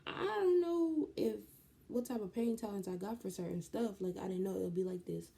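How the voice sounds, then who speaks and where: A young woman, telling a story in a casual vlog, animated and slangy. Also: mid-range voice, quick pace, gravelly, slight background noise. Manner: animated, slangy, jumps into quoted voices. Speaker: vlogger.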